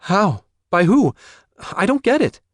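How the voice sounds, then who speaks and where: A man voicing a sharp, indignant young woman confronting her father. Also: medium pitch, big pitch swings, moderate pace, dry recording, clean studio sound, voice pushed up, close to an everyday voice. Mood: angry. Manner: indignant, accusing.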